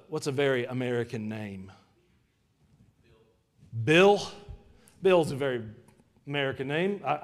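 Joking, conversational pastor preaching a sermon. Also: male voice, fairly high pitch. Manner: stumbles and repeats words. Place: church service before a congregation.

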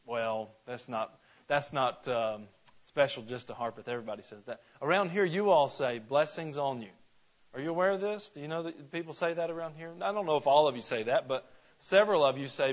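A male preacher with a fairly high voice, chatting through a sermon in a folksy way and tossing questions to the pews. He grew up in Georgia. The recording is dull and muffled. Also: brisk. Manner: folksy, asks the congregation questions, frequent restarts. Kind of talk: conversational sermon. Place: church sanctuary.

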